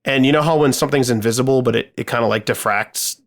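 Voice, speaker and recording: A man's voice: medium pitch, fast. A man co-hosting a podcast, telling a gaming story in casual chat, swearing freely and rambling with lots of fillers. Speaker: podcast co-host.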